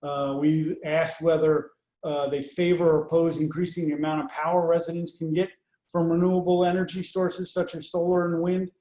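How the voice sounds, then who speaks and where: A man presenting poll results over slides in a measured way, with many fillers between the figures. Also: fairly high pitch, flat delivery, mellow, roomy sound. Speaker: pollster presenting survey results.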